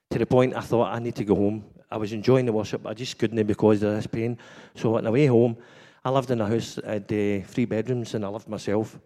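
A man's voice: medium pitch, warm tone. Scottish man sharing a chatty church testimony. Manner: chatty storytelling, laughs often. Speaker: church member giving testimony. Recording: long hall reverb.

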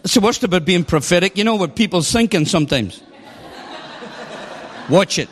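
A man in his sixties with a high voice preaches to a congregation. His delivery is animated and exclamatory, full of laughter. The sound rings with the long reverb of a large hall. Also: moderate pace, a little hiss or hum. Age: 60s. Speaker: pastor. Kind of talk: sermon.

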